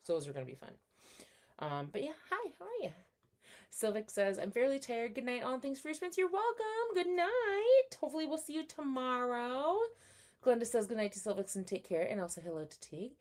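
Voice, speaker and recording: Young woman streaming from home, rambly casual chat, reads out comments, mid pitch. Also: darkish tone. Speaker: livestream host. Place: home room.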